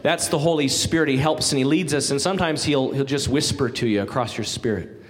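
A man's voice: mid-range voice, a little fast. Folksy conversational male preacher. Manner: folksy, conversational, joking asides. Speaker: guest pastor. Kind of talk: sermon. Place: church sanctuary.

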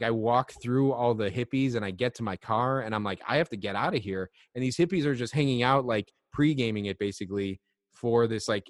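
A man's voice: lowish voice, dry recording, studio quality, big-room sound. A man co-hosting a podcast, telling a long, loose, profane story in casual chat. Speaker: podcast co-host.

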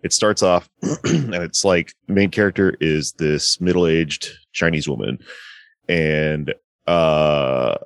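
A man's voice: rumbling low, slow, clear, resonant tone, dry recording, studio quality. A man casually retelling a movie plot to a friend, rambling with lots of fillers. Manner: rambling, filler-heavy retelling with acted-out quotes. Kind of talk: casual chat.

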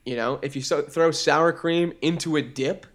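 A young man with a faint Boston accent co-hosts a podcast in casual chat. He rambles and piles on fillers, and his voice sits slightly higher than most men's. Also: moderate pace. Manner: animated, rambling, lots of fillers. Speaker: podcast co-host.

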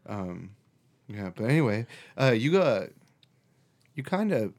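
A man with a mid-range voice takes his time as he hosts a casual conversation. He tells an animated story, cursing freely and starting over often.

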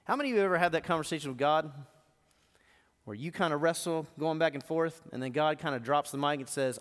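A man's voice: on the high side, fast talker, fairly bright tone. A man and lead teaching pastor giving a live sermon, asking the congregation emphatic rhetorical questions. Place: church auditorium. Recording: long reverb in a live hall.

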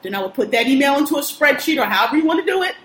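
A woman's voice: sits high, sing-song, rapid-fire, fairly bright tone. A woman venting in casual chat, ranting emphatically and swearing a lot. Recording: echoey room.

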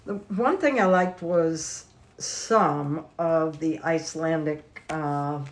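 Woman talking slow and unsure about a movie, lots of likes and ums. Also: low voice. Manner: slow, unsure, many fillers. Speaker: podcast guest. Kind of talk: casual chat.

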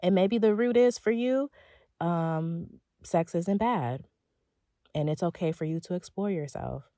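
A young woman giving a faith-based motivational talk, sassy and expressive, acting out her own inner thoughts. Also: fairly low pitch, a little slow, no room sound, studio quality. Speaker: faith and relationship coach.

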